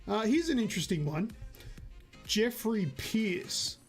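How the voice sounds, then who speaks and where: A man's voice: sits high, very animated, slow, soft background music. A man co-hosting a gaming podcast in casual chat, rambling and correcting himself as he goes. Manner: chatty, rambling, self-correcting. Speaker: podcast co-host.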